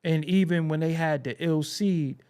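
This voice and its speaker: A podcast host from New York tells a story in his own words, slipping into the voices of the people in it. His voice sits a little high for a man. He talks casually and swears freely. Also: normal speed, smooth. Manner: animated, acts out quoted dialogue, swears freely.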